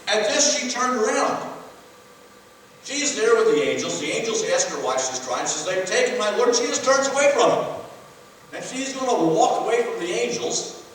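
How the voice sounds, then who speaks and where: A man's voice: big pitch swings, normal speed, fairly bright tone, a little hiss or hum. Man preaching in an echoey far-off hall. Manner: conversational preaching, rises in pitch for emphasis. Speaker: pastor. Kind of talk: sermon.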